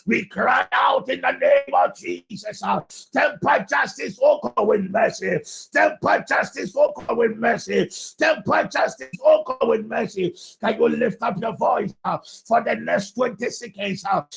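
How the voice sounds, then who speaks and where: A pastor at an evening service, earnestly exhorting the congregation and leading prayer. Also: male voice, extremely high pitch, gravelly, fairly bright tone, poor audio.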